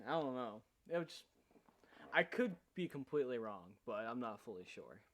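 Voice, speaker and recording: A man's voice: medium pitch, sing-song, normal speed, a bit bright. A man co-hosting a casual stream chat, rambling and correcting himself, laughing mid-sentence. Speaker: co-host.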